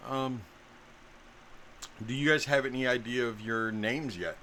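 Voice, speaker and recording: A man's voice: mid-range voice, steady tone, measured pace, pushed and bright, a little hiss or hum. A man hosting a casual tabletop game session as game master, laid-back and full of filler ums. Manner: laid-back, lots of ums, jokey swearing.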